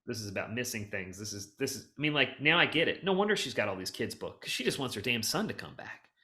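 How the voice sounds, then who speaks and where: On a relaxed podcast, a middle-aged man with a mid-range voice and quick delivery spins rambling tales from his work clearing hoarded houses. He's lively, starting over and jumping topics, and he's choked up, almost in tears.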